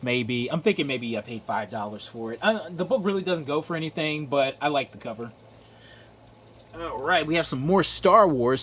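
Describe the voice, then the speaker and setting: In a casual video, a man shows off his comic book haul, chatting away, repeating phrases and filling gaps with "uh" and "like." His voice is medium-pitched and fairly bright, with a little hiss or hum in the recording.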